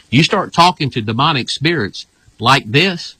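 A man's voice: mid-range voice, expressive, normal speed, pushed and bright, slightly rough, dry recording, poor audio. A man, a pastor, teaching in a casual, emphatic way and often repeating his phrases.

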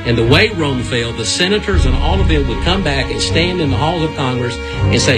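A man's voice: on the high side, lively intonation, a little fast, over loud music. A man giving a folksy, repetitive Bible lesson on a radio program.

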